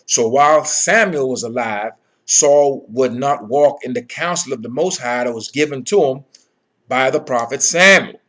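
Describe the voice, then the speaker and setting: A man's voice: medium pitch, moderate pace, a bit bright. A man giving a Bible lesson, reading verses aloud and explaining them with emphatic commentary. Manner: emphatic, repeats phrases, frequent "okay" and "all right". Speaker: Bible teacher.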